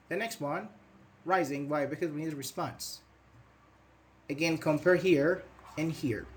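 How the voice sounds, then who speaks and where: Chatty male English teacher, higher voice. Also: a bit bright. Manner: chatty, reads student comments aloud and praises them. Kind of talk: live online grammar lesson.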